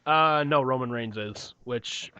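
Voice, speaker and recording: A man's voice: medium pitch, a little slow, bright, forceful tone, clean tone. A young man co-hosting a podcast, telling rambling stories with lots of swearing. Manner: rambling storytelling, heavy swearing. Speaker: podcast co-host. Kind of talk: casual chat. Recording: dull lo-fi, dry.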